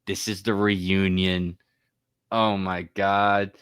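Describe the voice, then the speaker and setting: A man's voice: low-pitched, level tone, takes it slowly, fairly bright tone, smooth, no echo, clean studio sound. A man co-hosting a podcast, thoughtfully recapping scenes and quoting dialogue in a casual way. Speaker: podcast co-host.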